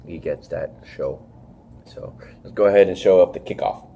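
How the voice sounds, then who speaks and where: A man's voice: sits low, moderate pace, dark tone. A man hosting a podcast, chatting casually and rambling, with frequent swearing and fillers. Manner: rambling, swearing, leans on "freaking". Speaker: podcast host. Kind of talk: casual wrestling review chat.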